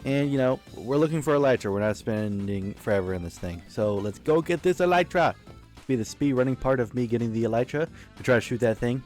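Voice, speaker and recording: A man's voice: medium pitch, fairly quick, darkish tone. A man giving casual, rambling commentary over his own gameplay video, joking and correcting himself as he goes. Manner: rambling, self-correcting, jokey. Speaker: gaming YouTuber. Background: faint background music.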